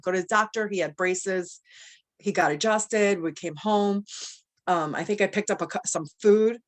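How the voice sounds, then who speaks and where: A young adult woman telling her own story in a lively, rambling way, full of fillers, often acting out what people said. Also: mid-range voice, a little fast. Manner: animated, many fillers, quotes people in dialogue. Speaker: cancer survivor guest. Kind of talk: personal storytelling.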